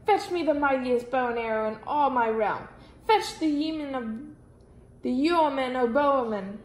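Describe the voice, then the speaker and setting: A woman voicing a fretful, fussy old king who talks slowly and gets exasperated, in a roomy space. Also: sits high. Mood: commanding. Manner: slow, exasperated, easily flustered. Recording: roomy echo.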